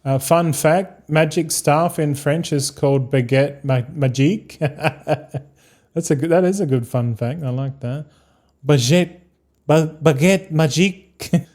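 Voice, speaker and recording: A fairly high-voiced Australian man talks to his stream viewers in a loose, rambling way. He swears freely and calls everyone "mate" and "boys", drifting from one thought to the next. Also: takes it slowly, darkish tone. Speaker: game streamer. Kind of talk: casual live-stream chat.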